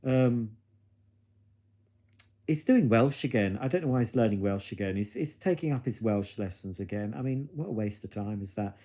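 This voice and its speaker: This livestream host speaks from home in a warm, fairly low voice, expressive and at a moderate pace. He reads viewer comments and gossips with his live audience, camp and cheeky, full of innuendo, thinking out loud in a chatty, casual way.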